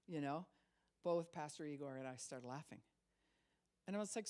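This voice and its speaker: A woman's voice: low-pitched, brisk, pauses often, a little mellow. Woman pastor, 60s, storytelling sermon delivery with lots of laughter. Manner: storytelling, laughs often, acts out quoted voices.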